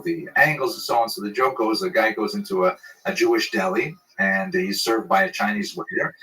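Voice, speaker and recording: A man's voice: mid-range voice, bright, forceful tone, recorded from a distance, low-quality recording. A man, a rabbi, lecturing on humor, telling jokes and explaining them in an amused way with frequent fillers.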